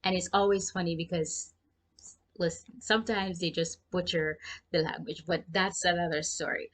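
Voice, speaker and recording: A young Jamaican woman gives chatty freelancing advice in a casual vlog, speaking directly to her viewers. Her voice is lowish and steady, delivered at a moderate pace.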